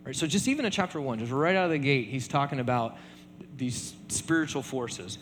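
A man preaching a sermon in a relaxed conversational way, often checking in with "right?". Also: medium pitch, a little fast, big-room sound, slight background noise. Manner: conversational, many fillers and repeated tag questions. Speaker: pastor.

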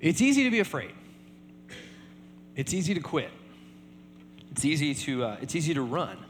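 A man's voice: fairly high pitch, very animated, moderate pace. Guy preaching in a big echoey hall, chatty, lots of right?s, voice bounces up and down, bit of hum behind. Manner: conversational, many fillers and repeated tag questions. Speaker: pastor. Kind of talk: sermon.

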